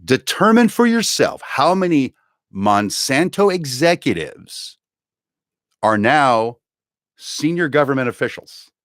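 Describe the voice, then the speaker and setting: A man hosting a live comedy show, rambling and joking to camera, jumping between loud bursts and low mutters. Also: no room sound, clean studio sound. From United States.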